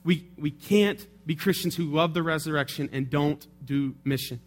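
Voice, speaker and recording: A man's voice: on the high side, normal speed. A male pastor preaching a sermon in a conversational way, often checking in with tag questions.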